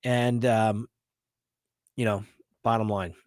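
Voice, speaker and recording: A man's voice: on the low side, flat delivery, slow, no echo, clean studio sound. A middle-aged man hosting a live viewer Q&A, talking emphatically and often checking in with "okay?" and "right?". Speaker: host answering viewer questions. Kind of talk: live Q&A chat.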